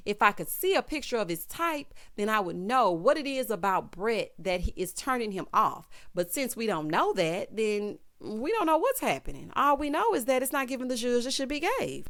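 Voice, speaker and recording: A woman giving a sassy, gossipy recap of a reality show, calling people "honey" and "child" and breaking into loud laughter. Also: fairly high pitch, no room sound, studio quality. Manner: animated, bursts into loud laughter.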